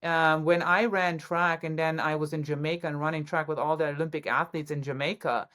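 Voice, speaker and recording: A woman from Germany, a guest actress talking excitedly about her career in a casual interview, with frequent restarts. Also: low voice, a little fast.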